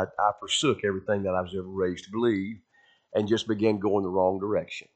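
A man's voice: fairly low pitch, lo-fi sound. A middle-aged man preaching a revival sermon in a church, telling his own story in an earnest, conversational way with repeated phrases. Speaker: pastor. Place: church sanctuary.

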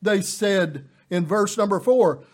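A middle-aged male preacher delivers a sermon in a high, unhurried voice. He builds to emphatic, impassioned peaks, then slips into folksy asides full of filler words.

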